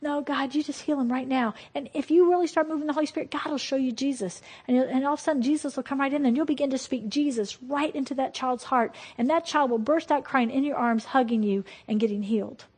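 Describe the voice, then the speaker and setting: A woman preaching in a sermon-style teaching, with a somewhat high, slightly husky voice. She is emphatic and lively, and her delivery swings between loud bursts and quiet asides. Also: fast, few pauses. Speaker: Christian teacher.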